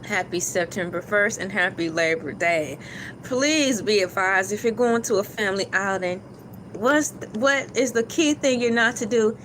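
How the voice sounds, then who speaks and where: A woman hosts a casual morning livestream, joking playfully and dropping into silly put-on voices. Her medium-pitched voice is fairly bright at normal speed, with a little hiss or hum in the recording.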